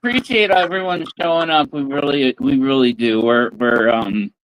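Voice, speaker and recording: A man's voice: mid-range voice, normal speed, fairly bright tone, slight background noise, rough recording. A man co-hosting a casual livestream, speaking hesitantly with many fillers. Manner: hesitant, filler-heavy, laughs along. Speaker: co-host.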